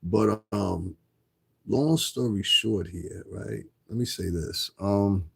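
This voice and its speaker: A man's voice: low voice, takes it slowly, creaky, husky. A man livestreaming a casual, rambling, profane rant to viewers, often repeating himself. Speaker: livestreamer asking viewers for donations.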